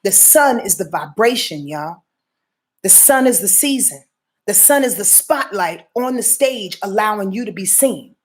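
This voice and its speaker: A woman's voice: medium pitch, animated, unhurried. A woman hosting a live astrology stream, talking to viewers in a preachy, slangy, emphatic way and swearing freely. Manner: repeats and restarts words, many filler sounds. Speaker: astrology show host.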